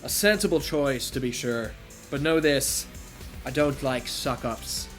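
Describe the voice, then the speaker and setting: Guy doing a silly low voice for a snooty wrestler, cold and dismissive, game music going. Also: expressive, unhurried, close to an everyday voice. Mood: disdainful. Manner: silly put-on voice. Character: gruff disdainful male wrestler, cold and aloof.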